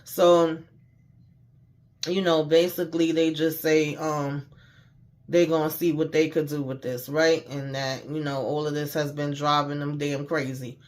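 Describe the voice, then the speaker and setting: A man's voice: on the high side, flat delivery, unhurried. A man giving a casual, slangy recap of a TV episode, retelling scenes by quoting the characters with mild cursing. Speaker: TV show recapper.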